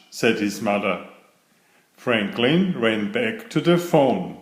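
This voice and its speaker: A man reading a children's picture book aloud, slow and expressive. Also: medium pitch. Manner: slow, sing-song, expressive. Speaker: storybook reader. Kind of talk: children's story read-aloud. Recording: echoey room.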